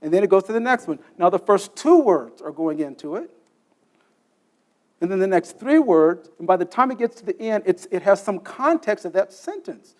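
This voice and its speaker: In a conference session room, a man with a high, darkish voice delivers a technical lecture at normal speed with lively intonation. He walks through the material step by step, quizzes the audience, and keeps checking in with "okay?".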